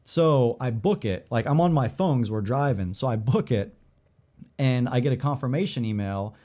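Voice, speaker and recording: A man co-hosting a podcast, telling a story in casual chat, animated, swearing freely and acting out the dialogue with lots of "like". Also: mid-range voice, normal speed. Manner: filler-heavy, lots of "like" and "I'm like".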